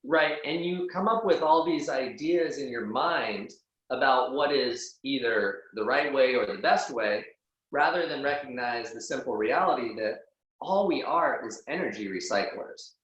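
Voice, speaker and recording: A man's voice: medium pitch, a little slow, fairly bright tone. Blunt, cursing man in an echoey room. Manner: blunt and profane, peppered with "like". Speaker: podcast guest. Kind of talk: casual conversational interview.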